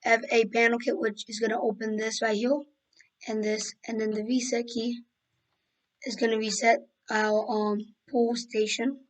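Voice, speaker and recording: A young woman with a hoarse voice she is losing, talking through a screen-recorded tutorial and rambling with fillers and self-corrections. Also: a little high, poor audio. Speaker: game development tutorial maker.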